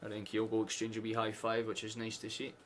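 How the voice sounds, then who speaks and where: A man's voice: fairly low pitch, completely flat delivery, fast, a little hiss or hum. A Scottish man hosting a live football watchalong, chatting casually with sarcastic asides and frequent swearing. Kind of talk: casual live match chat.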